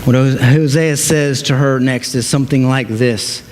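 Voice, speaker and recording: A man's voice: medium pitch, fairly even intonation, normal speed, noisy background. A man preaching a sermon as a pastor, telling the story dramatically and acting out the voices of the people in it. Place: church sanctuary. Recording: long hall reverb.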